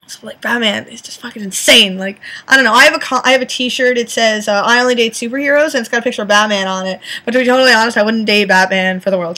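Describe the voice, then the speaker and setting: Bright-voiced young woman ranting casually. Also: on the high side, fast talker, few pauses. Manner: enthusiastic, profane, rambling with restarts. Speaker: vlogger. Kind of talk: casual fan rant.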